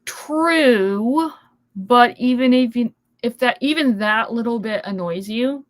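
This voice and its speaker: A woman's voice: on the high side, slow pace, no echo. A woman taking part as a guest in a casual livestream book chat over a video call, blunt and a little hesitant.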